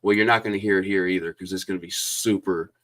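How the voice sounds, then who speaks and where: A man's voice: low-pitched, steady tone, fast, fairly bright tone. Enthusiastic man hosting a casual chat. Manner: enthusiastic, rambling with many fillers. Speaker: host. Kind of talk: casual livestream interview chat.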